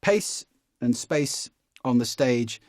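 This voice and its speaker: A man, a public speaking coach giving a relaxed, conversational course lesson and demonstrating as he explains. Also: medium pitch, slow pace, dry recording, clean studio sound.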